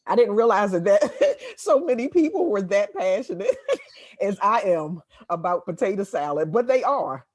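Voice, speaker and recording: A middle-aged woman from Washington, D.C., a guest writer chatting in an interview, laughing often and pausing on fillers. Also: medium pitch, sing-song, a little mellow, no room sound, studio quality. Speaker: guest writer and real estate agent. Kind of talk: casual interview conversation.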